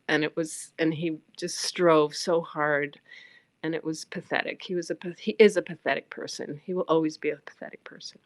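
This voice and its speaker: Blunt low-voiced New woman. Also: no room sound. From New York. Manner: blunt, animated, emphatic storytelling. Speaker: livestreamer. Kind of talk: casual personal storytelling.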